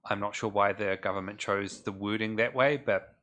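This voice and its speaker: A man from New Zealand, a council officer, presenting agenda items in a measured way with frequent pauses. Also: fairly low pitch, fairly even intonation, bright, forceful tone. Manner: measured, many fillers, dry humour. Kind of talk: formal meeting presentation. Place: council chamber.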